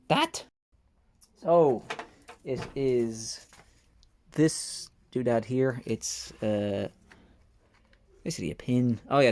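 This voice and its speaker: A man's voice: mid-range voice, vocal fry, a little mellow. A man working on a motorcycle in a home workshop, muttering to himself as he goes and poking fun at himself, close to the mic. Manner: mutters to himself while working, wry and self-mocking. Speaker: motorcycle restoration vlogger. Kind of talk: casual workshop commentary. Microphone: close mic while hands are busy.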